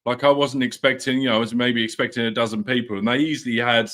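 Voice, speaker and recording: Guy, mid-pitched, self-deprecating raconteur. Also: steady tone, fast, a bit bright. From England. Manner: storytelling, self-mocking, breaks into voices. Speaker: regular guest. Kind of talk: casual chat.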